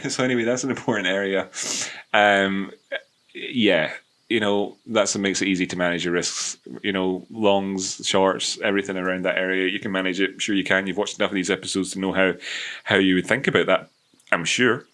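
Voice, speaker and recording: A man's voice: low voice, steady tone, normal speed, a bit bright. A man giving casual, rambling commentary on crypto price charts, with many restarts and self-amused asides. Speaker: crypto market analyst.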